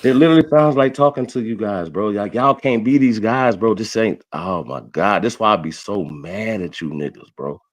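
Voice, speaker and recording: A man hosting a livestream, ranting loudly with heavy swearing and constant repetition. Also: fairly low pitch, expressive, normal speed, hardly any pauses. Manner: loud, ranting, repeats himself, swears a lot. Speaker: livestream roast host. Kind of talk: heated profane livestream rant.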